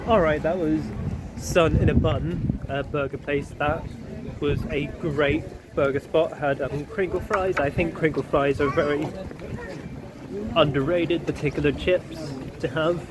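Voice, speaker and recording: Upbeat male travel vlogger, rambling with fillers, mid-high voice, recorded outside with clear traffic noise. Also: steady tone, unhurried. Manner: rambling, upbeat, many ums. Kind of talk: casual travel vlog. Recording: street traffic noise behind.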